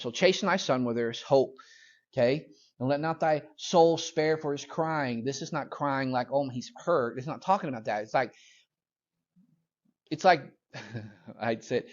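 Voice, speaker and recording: A man's voice: medium pitch, muffled recording. A man teaching a Bible lesson in a conversational, emphatic way, mixing scripture reading with casual asides.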